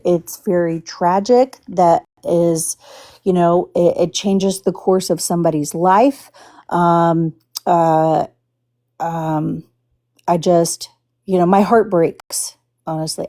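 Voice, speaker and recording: Woman livestream host from the Houston area, unhurried, mellow, careful and hesitant delivery. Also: lowish voice, fairly even intonation. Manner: halting and careful with words, many restarts. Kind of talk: casual livestream commentary.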